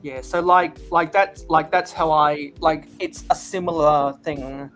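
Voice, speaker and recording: Male stream host, slightly higher voice, casual chat, halting restarts. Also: steady tone, a bit bright, faint music behind. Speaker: livestream host building sets.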